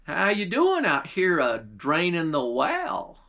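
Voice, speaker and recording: A man's voice: sits high, wildly swooping pitch, slow pace, bright, forceful tone, full character voice. A man doing a helpful young country girl. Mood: urgent.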